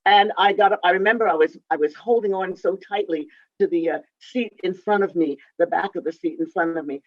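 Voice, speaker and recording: A woman in her eighties telling a story from her youth in a halting way, with many restarts and fillers. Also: on the low side. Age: 80s. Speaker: interviewed composer and pianist. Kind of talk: reminiscing storytelling. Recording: dull, dry lo-fi sound.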